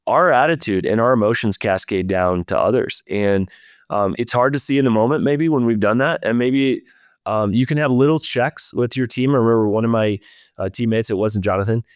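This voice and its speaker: Smooth-voiced earnest male podcast host. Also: medium pitch, fairly quick, dry recording, clean studio sound. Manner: earnest, reflective, speaks straight to listeners. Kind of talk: leadership podcast conversation.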